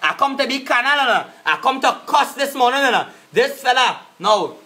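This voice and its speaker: A Trinidadian man rants live to his viewers, his voice pitched unusually high for a man. The tone is sharp and forceful. He cusses, repeats his jabs, and calls people out one after another. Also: lively intonation, normal speed. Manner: cussing, repetitive, confrontational. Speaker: live-stream vlogger. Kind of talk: angry live-stream rant.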